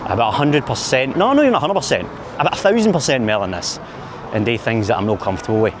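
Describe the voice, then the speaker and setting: A man's voice: mid-range voice, sing-song, fast, background noise. A man with a Glaswegian Scottish accent, rambling playfully and mocking himself as he films a walking vlog outdoors on a busy city street. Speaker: vlogger. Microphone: camera mic while walking.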